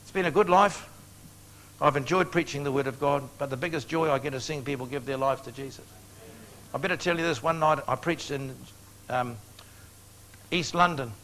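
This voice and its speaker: An older man preaching an evangelistic sermon, telling stories with earnest, animated appeals. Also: a little high, normal speed, pauses often, rough recording. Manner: animated, earnest storytelling with altar-call appeals.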